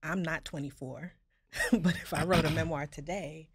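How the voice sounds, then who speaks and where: A woman co-hosting a talk show asks probing questions and chats in a relaxed, engaged way. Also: low voice, normal speed, husky, no echo. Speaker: co-host. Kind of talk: casual discussion.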